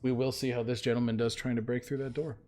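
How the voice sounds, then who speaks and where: A man running a tabletop role-playing game as game master, casual and swearing when excited. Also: medium pitch, fast talker.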